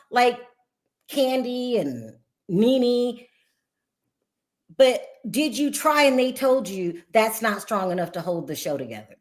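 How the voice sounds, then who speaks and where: A woman with a high, light voice hosts a casual gossip talk show. She talks bluntly and with animation, and she laughs easily as she gives her opinions. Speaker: podcast host.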